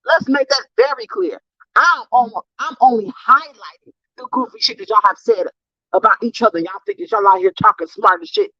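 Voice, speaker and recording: A woman's voice: fairly high pitch, moderate pace, bright, forceful tone. A woman hosting a livestream, ranting at viewers in a profane, confrontational, emphatic way. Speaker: YouTuber livestream host. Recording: dull lo-fi dry sound.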